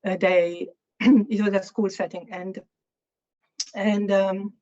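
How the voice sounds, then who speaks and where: A woman from Hungary with a Hungarian accent, giving a lecture about her own artwork. She talks in a candid, halting way, searching for words, and her voice is slightly hoarse. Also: mid-range voice, flat delivery, warm tone, highs cut off. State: slightly hoarse, clearing throat. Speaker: guest artist lecturer.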